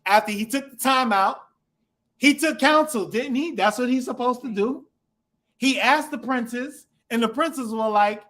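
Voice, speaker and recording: A man's voice: extremely high pitch, measured pace, fairly bright tone. A man teaching a congregation through a scripture lesson, asking the class questions and acting out the people in the text.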